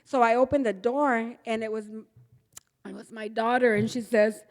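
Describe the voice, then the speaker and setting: This middle-aged Texan woman, an AA speaker, gives a candid personal recovery talk, acting out dialogue as she goes and laughing often. She's unhurried, with a higher-leaning voice and a steady tone, in a large, echoey meeting hall.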